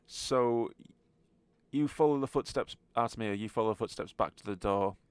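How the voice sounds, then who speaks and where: A man running a tabletop game as game master, with relaxed fillers and chuckles. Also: lowish voice, normal speed, clear, resonant tone, no echo.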